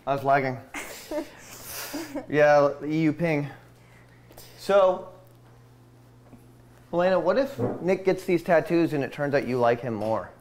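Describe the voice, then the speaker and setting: A man's voice: a little high, unhurried, pauses often, a little mellow, slight background noise. A man helping on a livestream who calls out the time left and reads donor names aloud, like an announcer. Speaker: stream helper reading donations. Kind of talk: casual livestream chat.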